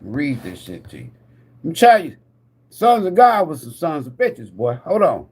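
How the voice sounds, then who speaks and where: A man hosting a live tarot stream, ranting like a preacher with lots of swearing. He laughs often, asks his viewers questions, and swings between loud bursts and muttered asides. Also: a little high, wildly swooping pitch, normal speed, husky. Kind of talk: profane preacher-style rant.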